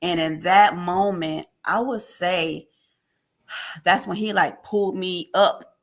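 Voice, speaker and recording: Interview guest, woman, lower register, animated storyteller. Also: slow pace, slight background noise. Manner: animated storyteller, acts out quoted dialogue. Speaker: podcast guest. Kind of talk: emotional personal testimony.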